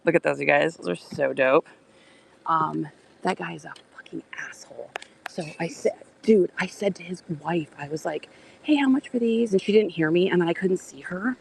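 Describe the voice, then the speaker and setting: A woman's voice: on the low side, brisk, creaky, a little mellow, a little hiss or hum. A woman hosting a casual live stream from outdoor garage sales, chatty and often dropping into a whisper. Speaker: livestream host.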